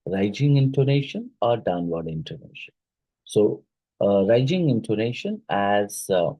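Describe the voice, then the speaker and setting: Low husky-voiced teacher with Odia-tinged English. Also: male voice, no room sound, muffled recording. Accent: Odia-influenced English. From India. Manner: explains with many fillers and rhetorical checks. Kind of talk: exam-prep phonetics lecture.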